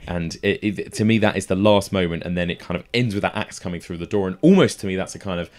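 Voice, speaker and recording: A man's voice: deep voice, quick pace, darkish tone. A man hosting a podcast, chatting casually and enthusiastically about a horror film, with plenty of fillers. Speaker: podcast host.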